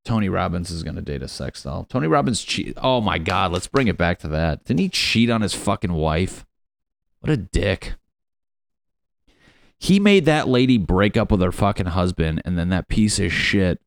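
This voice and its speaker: A young man riffs in a loose, rambling rant, swearing constantly and tripping over fillers. His voice sits low. The sound is dry and close, with no room around it. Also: very animated, normal speed, creaky, no room sound. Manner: profane, rambling, ranting with frequent fillers.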